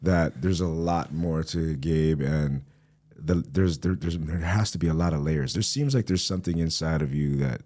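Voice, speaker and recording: A man's voice: a bass voice, moderate pace, mellow. A man hosting a casual podcast interview, talking in a laid-back, slangy way and acting out what people say. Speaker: podcast host.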